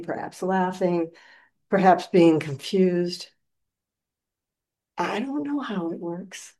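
A woman's voice: lowish voice, mellow, low-quality recording. Woman giving a playful dharma talk. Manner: playful storytelling, acting out scenes. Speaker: meditation teacher.

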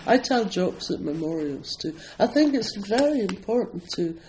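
A man's voice: high-pitched, big pitch swings, normal speed, a little mellow, a little hiss or hum, rough recording. An older man from Scotland giving a chatty, digressive talk at a Zen centre, laughing often as he introduces a poem. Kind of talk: casual talk introducing a poetry reading.

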